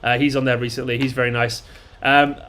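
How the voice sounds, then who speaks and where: A man's voice: mid-range voice, flat delivery, brisk, pushed and bright. Bloke chatting on his stream, sweary, rambly, lots of ums. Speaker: fan channel host. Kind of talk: casual live-stream chat.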